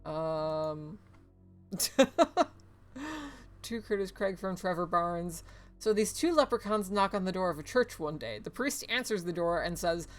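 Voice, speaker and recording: A woman's voice: on the low side, animated, normal speed, soft background music. A woman streamer casually commenting on a game and reading in-game emails aloud, with sarcastic asides and frequent laughter.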